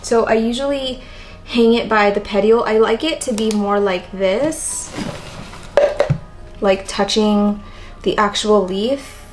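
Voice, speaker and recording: A woman with a raspy, tired voice and constant vocal fry, chatting casually in a plant vlog. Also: medium pitch, takes it slowly, pauses often, music in the background, rough recording. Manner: chatty, rambling, lots of "like". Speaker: plant vlogger. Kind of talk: casual chat while potting plants.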